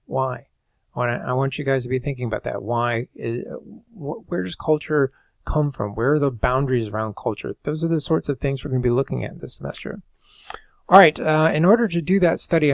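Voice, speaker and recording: Man, college lecture, conversational, gravelly voice, dry close sound. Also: mid-range voice, a little mellow, dry recording. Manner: conversational, thinking aloud with fillers and rhetorical questions. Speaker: college instructor. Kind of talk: recorded lecture over slides.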